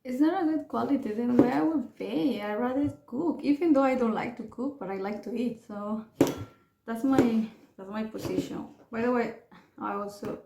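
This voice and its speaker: A woman's voice: a little high, normal speed, vocal fry, reverberant, very noisy. A woman, chatting her way through a home cooking tutorial with rambling asides and restarts. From Peru. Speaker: home cook vlogger. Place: home kitchen.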